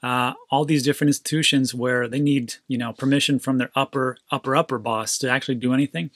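A man hosting a crypto channel, talking casually and excitably straight to his viewers, ranting and getting worked up. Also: medium pitch, fast, no room sound, studio quality. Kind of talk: casual commentary monologue.

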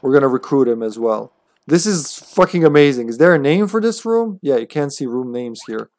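A man's voice: medium pitch, lively intonation, fairly quick, a little mellow, no room sound. Chatty male game streamer, dry close sound. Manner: chatty, swears freely, thinks aloud with restarts. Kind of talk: casual gameplay commentary.

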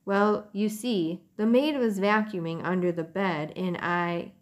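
A woman's voice: mid-range voice, unhurried, lightly acted. A small, earnest young male mouse from a storybook, hesitant and sheepish in the way he talks, as a woman reads him aloud. His delivery stays plain and close to an everyday speaking voice. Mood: ashamed. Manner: hesitant, ashamed confessing.

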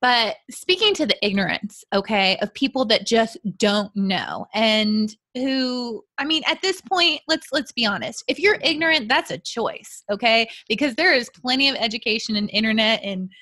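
A woman's voice: a little high, animated, moderate pace, hardly any pauses, bright, forceful tone, no echo. A woman hosting an interview over a video call, speaking in an affirming, encouraging way. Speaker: host. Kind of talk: interview talk.

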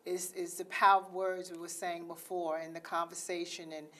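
A woman's voice: lowish voice, level tone, normal speed, fairly bright tone. A woman hosting an interview, asking questions in a rambling way, full of "you know.". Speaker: host.

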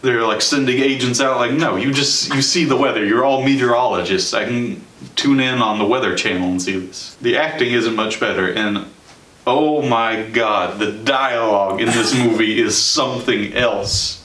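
A young man hosting a casual movie review, chatty and sarcastic, with quick joking asides. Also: mid-range voice, fairly bright tone, a little hiss or hum. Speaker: show host and movie reviewer. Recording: roomy sound from a distance.

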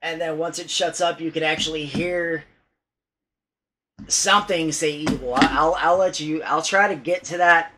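A man with a somewhat high-set voice talks in a loose, unscripted vlog style. He rambles and hesitates, restarting his sentences and swearing now and then. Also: fairly even intonation, normal speed, background noise. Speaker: paranormal vlogger. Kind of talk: casual vlog talk.

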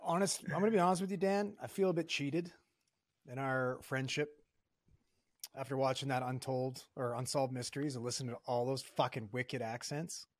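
A man's voice: medium pitch, moderate pace, dry recording, studio quality. A young man co-hosting a podcast, ribbing a friend and swearing casually. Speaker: podcast co-host.

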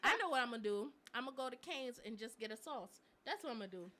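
Lively high-voiced young woman, chatty. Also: fast talker, slight background noise. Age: young adult. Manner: chatty storyteller with frequent laughter and slang. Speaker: co-host of a live chat stream. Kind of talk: casual chat.

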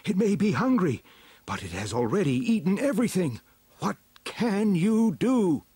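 A man's voice: high-pitched, very animated, normal speed, warm tone, breathy edge, no room sound, voice pushed up, full character voice. A man voicing a worried male village chief in a storybook reading, anxious and pleading.

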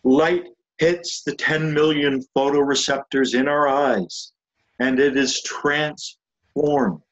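A man explains ideas to an online group, speaking slowly and thoughtfully at an ordinary pitch. He often circles back and restarts phrases as he thinks. The sound is a little dull and muffled. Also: fairly even intonation. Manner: slow, reflective, with frequent restarts. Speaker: group leader teaching spiritual ideas. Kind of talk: unscripted talk with read-aloud passages. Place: a room with chairs and a sofa.

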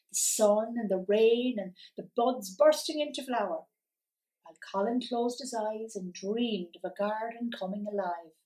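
A woman storyteller reading a picture book aloud for children, in an animated, expressive way. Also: a little high. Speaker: library storyteller. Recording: voice from a distance.

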